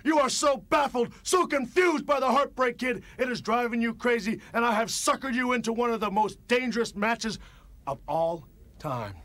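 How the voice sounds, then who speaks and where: A wrestler cutting a cocky, taunting promo, swinging from hushed slow words to shouts, from an archival TV broadcast. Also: male voice, very high-pitched, lively intonation, no room sound.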